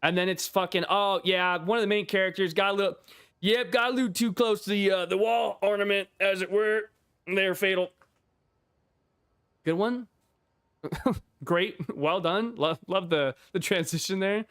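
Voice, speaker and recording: Male streamer, somewhat high voice, rambling profane chatter, dry close-mic sound. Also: moderate pace, fairly bright tone, clean tone, dry recording. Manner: profane, rambling, laughs often. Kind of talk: casual livestream chat.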